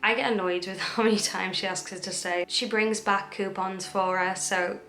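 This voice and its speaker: A woman's voice: mid-range voice, steady tone, moderate pace, fairly bright tone, soft background music. A young woman vlogger retelling a true crime story in a chatty way, acting out the quoted dialogue. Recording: echoey room.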